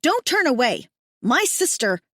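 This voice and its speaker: Casting: woman doing an enraged young woman, bellowing, high and loud, very lively. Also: a little slow, dry recording, studio quality, full character voice. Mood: yelling. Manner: shouting, frantic. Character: furious blonde young human woman, desperate. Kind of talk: audiobook character voice.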